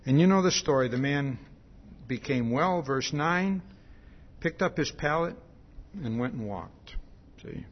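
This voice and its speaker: A man's voice: mid-range voice, lively intonation, a little slow, pauses often. A male pastor giving a conversational sermon, often repeating words and asking "See?" as he acts out the quotes. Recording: dull lo-fi sound.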